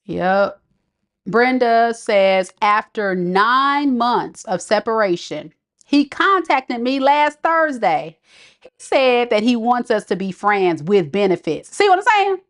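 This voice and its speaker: Sassy, animated woman tarot reader. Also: a little high, slow pace. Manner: sassy, animated, laughing often, slangy. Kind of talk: live tarot reading stream.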